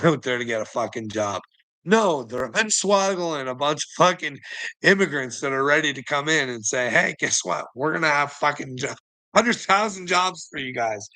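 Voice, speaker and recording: A man's voice: fairly high pitch, sharp tone, low-quality recording. A man delivering a rambling, profane monologue as a vlogger, laughing between phrases.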